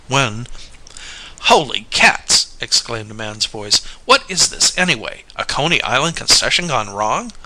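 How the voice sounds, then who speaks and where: Guy reading an old story out loud, super bright tone with a gravelly edge, calm and steady. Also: mid-range voice, low-quality recording. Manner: even, measured storytelling with light character voicing. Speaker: narrator. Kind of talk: audiobook narration.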